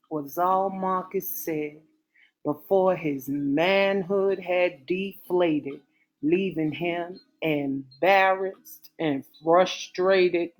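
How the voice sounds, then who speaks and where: A woman narrating a romance novel aloud in a measured, expressive way. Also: lowish voice. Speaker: audiobook narrator.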